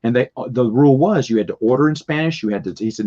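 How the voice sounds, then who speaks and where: A man's voice: mid-range voice, lively intonation, fast talker, hardly any pauses, warm tone. Rambling man, lo-fi sound. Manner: rambling with restarts and chuckles. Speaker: vlogger telling stories. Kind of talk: casual storytelling. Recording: dull lo-fi recording.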